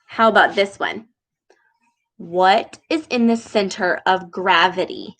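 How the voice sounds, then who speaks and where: A young woman leading a speech lesson for children, animated and exaggerated, with frequent gasps and slow, deliberate words. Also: mid-range voice, rough recording. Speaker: speech therapist reading with children.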